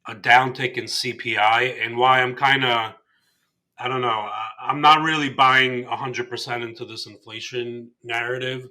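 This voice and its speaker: Bright-toned man explaining market charts. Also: mid-range voice, steady tone, moderate pace. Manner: explanatory, hedging with "I mean" and "like". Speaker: co-host of a trading show. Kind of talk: casual market chat.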